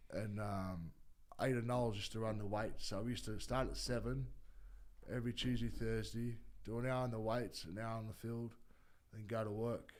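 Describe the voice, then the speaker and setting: Give me an Australian man with a low voice who rambles and swears. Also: fairly even intonation, moderate pace. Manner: rambling, swears freely, many fillers and restarts. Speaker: guest, former rugby league player. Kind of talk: casual interview chat.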